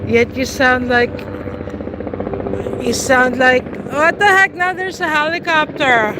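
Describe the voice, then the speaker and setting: A woman's voice: sits high, slow pace, very noisy. A middle-aged woman in casual, teasing chat with live viewers outdoors, laughing often. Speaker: vlogger. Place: outdoors on a city street.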